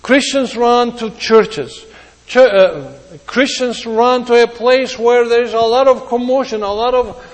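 A man preaching a sermon, earnest, with pauses and restarts, his voice rising and dropping. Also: extremely high pitch, big-room sound, low-quality recording.

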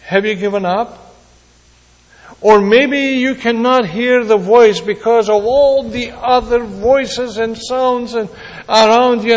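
Man, preacher, sermon, high voice, unhurried delivery, long echo of a big hall. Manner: dramatic voicing of quoted speakers, repetitions. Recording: long reverb of a large hall.

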